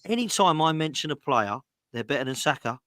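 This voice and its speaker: A man, co-hosting a casual football podcast in a lively, direct way. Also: on the high side, fairly quick, no echo, clean studio sound. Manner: animated, mocking rival fans with put-on voices; chatty, direct. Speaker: co-host.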